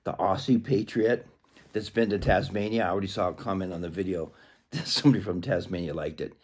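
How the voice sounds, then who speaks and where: A man talking casually to camera in a rambling way, clearing a frog from his throat. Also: low voice, a little fast, darkish tone. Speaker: vlogger.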